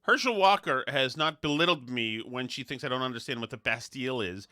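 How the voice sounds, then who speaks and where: A man's voice: medium pitch, a little fast, dry recording, studio quality. A middle-aged man hosting a podcast, bantering casually and telling jokey, sarcastic stories. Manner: joking, sarcastic, animated storytelling. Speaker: podcast host.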